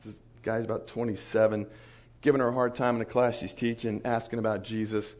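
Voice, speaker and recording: A man giving a storytelling sermon as a missionary speaker, animated and acting out the voices of people in his stories. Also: on the low side, a little fast. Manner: animated, acts out quoted voices. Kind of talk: storytelling sermon to a conference crowd.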